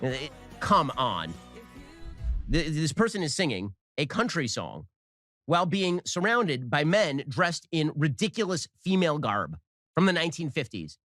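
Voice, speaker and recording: A man delivering a fast, sarcastic political monologue, his pitch swinging widely. The sound is dry and close, with faint music underneath. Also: sing-song, fairly bright tone, dry recording. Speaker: conservative commentator, played clip.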